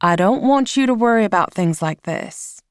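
A woman's voice: mid-range voice, animated, normal speed, clear, resonant tone, no echo, clean studio sound, natural voice. A woman reading aloud, voicing a worried, exasperated middle-aged mother in a storybook. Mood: reassuring.

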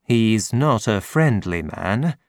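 A man reading an audiobook, voicing a calm, clever detective with a measured, dryly ironic manner. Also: fairly low pitch, dry recording, clean studio sound.

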